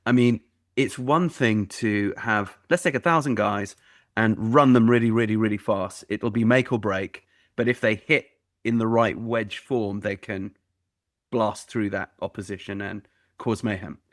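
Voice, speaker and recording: Lower-voiced podcast host, dry sound. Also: male voice, unhurried, no room sound. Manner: engaged, asks questions and adds his own points. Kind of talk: casual interview chat.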